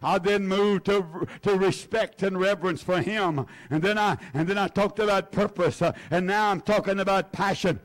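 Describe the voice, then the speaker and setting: A male pastor delivers a fervent sermon, his voice sitting high for a man. He hammers single words again and again and calls out to members of his congregation by name. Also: moderate pace, few pauses. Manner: fervent preaching, repeating words for emphasis.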